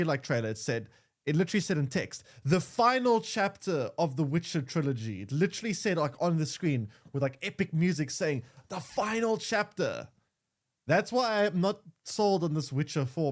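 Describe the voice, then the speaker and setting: A man's voice: on the high side, very animated, moderate pace. A young man streaming a game, chatting casually with many stammered restarts and repeated words. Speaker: gaming streamer. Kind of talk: casual gaming commentary.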